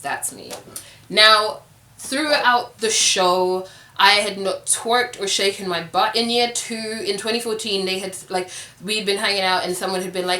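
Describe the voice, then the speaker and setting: A woman's voice: mid-range voice, steady tone, unhurried, sharp tone, roomy sound. A young woman vlogging, telling a personal story to camera in a candid, conversational way, with plenty of filler words.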